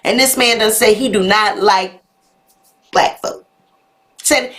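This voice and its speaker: A woman's voice: medium pitch, takes it slowly, pauses often, a bit bright. A woman hosting a live gossip commentary show, talking sassily to her viewers and reacting to their comments. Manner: sassy, talks straight to viewers with "honey" and "y'all". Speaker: YouTube live show host.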